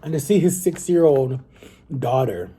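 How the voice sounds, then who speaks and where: A young man speaks in a husky, slightly rough voice with a soft, mellow tone. He talks casually and earnestly to his camera at home. His sentences ramble and restart as he works through his thoughts. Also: medium pitch, very animated, measured pace. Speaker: vlogger.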